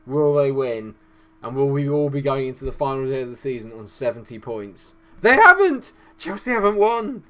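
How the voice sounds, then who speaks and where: A gaming YouTuber with a mid-range voice gives hoarse, excited commentary on his football management game. He swings between glum muttering and shouted outbursts.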